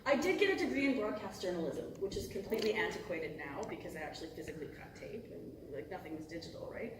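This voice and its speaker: A middle-aged voice actress talking casually on a convention panel, rambling and breaking off mid-thought, swearing and laughing often. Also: female voice, on the low side, expressive, fast talker. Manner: rambling and self-interrupting, cusses, laughs often. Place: large convention hall. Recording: echoey hall from far off, noisy.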